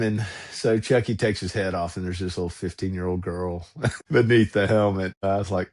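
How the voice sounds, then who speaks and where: A man's voice: low-pitched, normal speed. A middle-aged man tells a family story casually, with many fillers along the way. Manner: animated anecdote with many "uh" fillers. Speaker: father telling a story.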